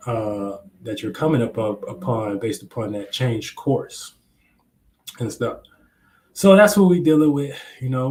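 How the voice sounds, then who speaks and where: A man's voice: fairly low pitch, darkish tone. Slangy young man hosting a livestream. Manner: loose, slangy, rambling explanations. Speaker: astrology livestream host. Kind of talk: casual livestream talk.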